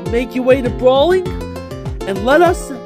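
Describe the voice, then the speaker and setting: A woman giving excited gameplay commentary, yelling at the screen over a match. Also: sits high, a little slow. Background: game music.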